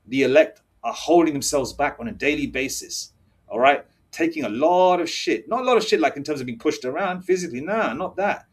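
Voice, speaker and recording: A man's voice: on the high side, lively intonation, a little fast, breathy edge. A man preaching angrily and reading scripture aloud. He talks in a combative way and keeps checking in with "all right?" and "okay?". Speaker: religious teacher.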